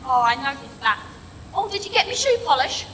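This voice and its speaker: A woman's voice: sits high, big pitch swings, a little fast, fairly bright tone. A woman playing a tactless old grandmother in a stage comedy sketch, nagging, repeating herself and throwing blunt insults. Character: cheeky rude old London grandmother, gossiping and tactless. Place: stage in a large hall. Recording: echoey hall, distant mic, noisy.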